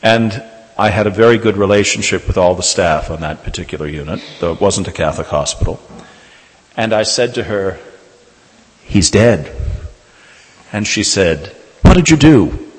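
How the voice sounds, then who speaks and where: A man, a Catholic priest, preaching a sermon and telling a personal story in a measured way, slowing down for emphasis. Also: sits low. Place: church. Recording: reverberant church hall.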